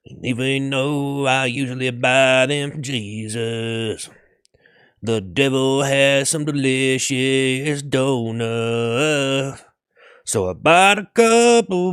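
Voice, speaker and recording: A man's voice: medium pitch, takes it slowly, a bit bright, smooth, no echo, studio quality. A man streaming live, reading out viewer gifts and improvising goofy joke songs. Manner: silly, improvising goofy song lyrics. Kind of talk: improvised joke singing on a livestream.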